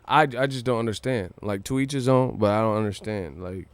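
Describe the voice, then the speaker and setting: A man's voice: lowish voice, fairly quick, smooth, no room sound. A young man hosting a boxing livestream, ranting casually with lots of profanity and joking. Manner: profane, joking, breaks into laughter and sing-song rhymes.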